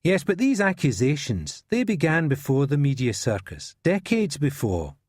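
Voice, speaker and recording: A man's voice: fairly high pitch, huge pitch swings, normal speed, darkish tone, husky, dry recording, full character voice. An actor playing a patient male detective who questions a suspect with dry, probing politeness. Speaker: police interrogator.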